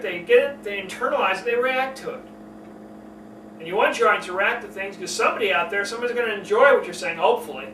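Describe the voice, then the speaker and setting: A man coaching on public speaking, talking expressively and showing shifts in pace and pitch as he explains. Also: pushed and bright, echoey room, recorded from a distance, a little hiss or hum, poor audio. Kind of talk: instructional talk to camera.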